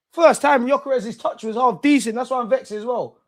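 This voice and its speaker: A young man hosting a live football watch-along, reacting excitedly, swearing at the referee and telling the players to calm down. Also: very high-pitched, normal speed. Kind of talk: live match reaction commentary.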